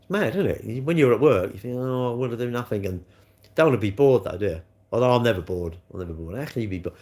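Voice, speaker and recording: Gravelly man, rambling live chat. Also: mid-range voice, animated, fast, dark tone. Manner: chatty, rambling, cheeky, answers chat comments. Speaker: livestream host.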